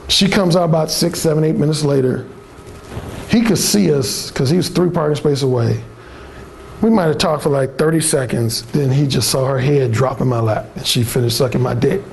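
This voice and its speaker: A man's voice: a little high, moderate pace, creaky, a little mellow, a little hiss or hum. A man telling a frank, profane story at a dating seminar, acting out the people in it. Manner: frank, profane, acts out the people in his stories. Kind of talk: storytelling talk.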